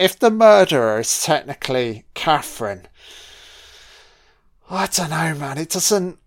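A man giving a casual, jokey film commentary, swearing constantly. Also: fairly high pitch. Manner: profane, jokey, heavy swearing.

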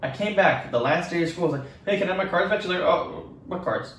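This young man's voice sits high and a bit bright, and he talks fast as he co-hosts a podcast, spinning profane, rambling school stories with acted-out quotes. He's captured from afar in an echoey space with faint noise.

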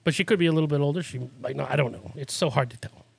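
A man's voice: fairly high pitch, rapid-fire, creaky, breathy edge. A man from Massachusetts hosting a casual podcast chat, telling rambling stories and laughing often. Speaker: podcast host.

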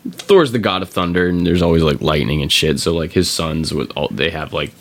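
A man with a very low, gravelly voice talks casually as a podcast host, laughing and swearing as he retells a game. He keeps slipping into quick voices for the characters' lines.

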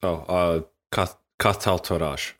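A man playing his character in a tabletop game, speaking gently and in a measured way. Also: sits low, fairly even intonation. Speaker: player. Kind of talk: tabletop role-play.

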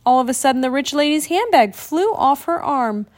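A woman's voice: sits high, moderate pace. Woman reading a picture book aloud. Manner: expressive, animated read-aloud. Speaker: storybook reader.

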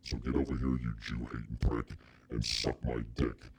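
A man voicing a crude, vengeful male devil through a deep pitch-shifting effect, with a gravelly, profane manner. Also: level tone, moderate pace, very noisy. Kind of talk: comedic improvised impression.

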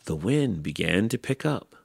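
A man with a deep, gravelly, husky voice reads a children's book aloud at an unhurried pace. His pitch swings widely as he tells the story. The recording is dry and close. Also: no echo. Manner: slow, expressive storytelling. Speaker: podcast host.

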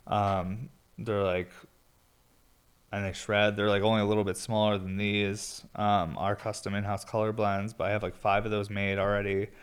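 A man's voice: lowish voice, little pitch movement, normal speed, clear, resonant tone. A young man hosting a solo podcast, rambling in a laid-back, stoned way, full of filler words and casual swearing. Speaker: podcast host and glass blower.

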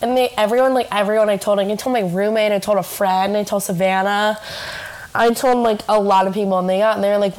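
A woman's voice: medium pitch, steady tone, fast talker, darkish tone. A young woman from Michigan hosting a casual podcast, telling a rambling story full of "like" fillers and frequent laughter. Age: young adult. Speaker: podcast host. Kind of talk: casual chat.

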